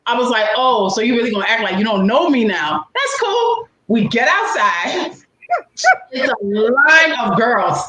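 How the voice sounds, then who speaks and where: A woman's voice: normal speed, echoey room, heavy background noise. A woman telling a funny, embarrassing story in a casual chat, with big swoops in her voice. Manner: animated, laughing storyteller with swooping pitch. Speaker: co-host.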